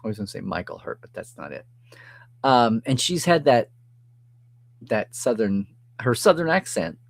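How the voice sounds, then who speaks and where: Animated man reading live chat. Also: mid-range voice, moderate pace, gravelly. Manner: animated, chatty, reads viewer comments aloud and reacts.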